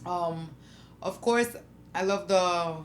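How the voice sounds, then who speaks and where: A woman co-hosting a podcast in casual chat. She talks in a chatty, warm, sappy way. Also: lowish voice, slow pace, a little hiss or hum. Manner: chatty, warm, self-described sappy romantic.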